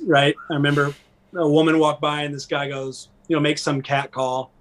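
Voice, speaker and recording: Guest spot: middle-aged man, raised pitch, earnest and animated, conversational. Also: moderate pace. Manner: earnest, animated storytelling with frequent "right?". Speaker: podcast guest, former pastor. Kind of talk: candid conversational interview.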